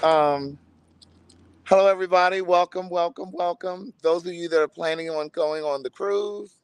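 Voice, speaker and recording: A man's voice: high-pitched, steady tone, moderate pace, clean tone, no echo. A man hosting his own show, showy in intros and loosely chatty on a phone live stream from a backyard. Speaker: host. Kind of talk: scripted promo and casual live stream. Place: friend's house, backyard.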